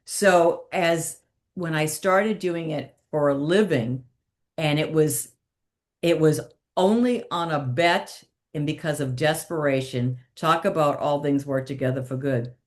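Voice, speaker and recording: Deep-ish voiced woman impressionist, chatty, laughs a lot, storytelling. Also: a little slow. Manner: animated, laughs often, switches into voices. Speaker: comedic impressionist guest.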